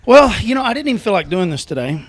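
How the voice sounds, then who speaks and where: A man's voice: sits high, sing-song, quick pace, no echo, studio quality. A man with a rural Southern American accent hosting a podcast, talking in a casual, reflective, rambling way and laughing easily. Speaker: podcast host. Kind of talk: casual conversation.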